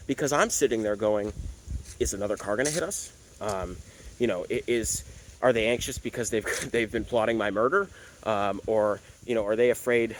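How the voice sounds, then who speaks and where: A man's voice: mid-range voice, a little hiss or hum, poor audio. A man who works as a dog trainer, talking casually to camera with frequent fillers and tag questions. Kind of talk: casual talking-head explainer.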